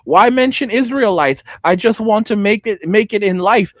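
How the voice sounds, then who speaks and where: Heated high-voiced man ranting at chat. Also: expressive, moderate pace, no room sound, dull audio. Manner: angry, heated, repeats himself. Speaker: channel host. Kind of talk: livestream rant reacting to chat.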